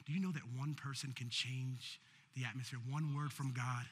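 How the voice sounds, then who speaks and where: A man's voice: medium pitch, fairly even intonation, normal speed, fairly bright tone, slight background noise. A man preaching a sermon as pastor, building in intensity, with call-and-response. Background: faint keyboard music.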